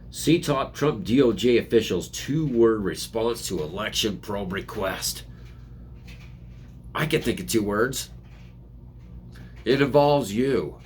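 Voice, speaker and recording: A man hosting a casual political commentary, reading headlines and ranting sarcastically from home, with frequent restarts. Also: fairly low pitch. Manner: sarcastic, rambling, mocking voices in quotes.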